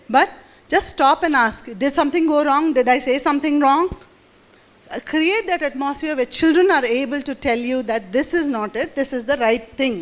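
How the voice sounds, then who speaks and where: A woman's voice: sits high, fairly bright tone. A middle-aged woman running a teacher workshop, earnest and rhetorical, often checking with "isn't it?". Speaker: teacher trainer.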